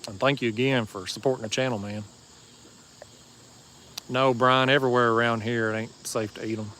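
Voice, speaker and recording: A man's voice: mid-range voice, steady tone, normal speed, bright, forceful tone, a little hiss or hum. A man with an East Tennessee Southern drawl hosts a casual fishing livestream outdoors at night, chatting in a laid-back, folksy, joking way as he answers viewers. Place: outdoors at a marina bank at night.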